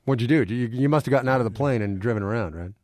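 A man's voice: medium pitch, very fast, a little mellow, no echo, studio quality. A man hosting a radio show, reading polished intros and asking curious questions with small restarts. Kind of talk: radio interview and scripted intros. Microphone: studio microphone.

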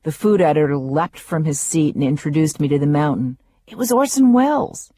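A woman's voice: low voice, animated, normal speed, mellow, no echo. A woman author reading her memoir aloud, with wry, vivid storytelling.

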